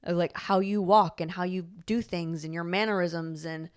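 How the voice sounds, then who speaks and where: A woman's voice: lowish voice, fairly even intonation, moderate pace, smooth. A woman co-hosting a casual podcast, talking in a rambling, chatty way with lots of "like" fillers and frequent laughs. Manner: laughs often while telling stories. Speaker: podcast co-host. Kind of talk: casual conversational podcast chat.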